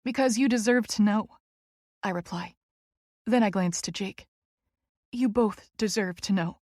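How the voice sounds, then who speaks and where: A woman's voice: medium pitch, unhurried, darkish tone, dry recording, clean studio sound. A woman narrating a first-person romance audiobook in an earnest, emotional way.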